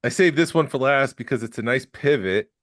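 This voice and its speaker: A man co-hosting a podcast, running through news items in relaxed casual chat with jokes along the way. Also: medium pitch, a little fast, no echo, studio quality. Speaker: podcast co-host.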